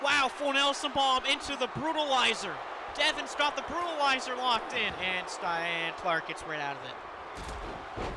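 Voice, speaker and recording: A man casually commentating a wrestling video game, excitable and chatty, laughing often. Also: very high voice, a little slow, heavy background noise. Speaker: gaming commentator. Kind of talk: casual let's-play commentary.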